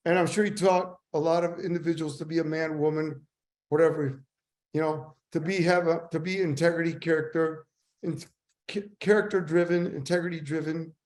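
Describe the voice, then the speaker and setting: Older man telling rambling, animated anecdotes. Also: fairly high pitch, normal speed. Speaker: sales trainer and guest. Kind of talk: casual storytelling.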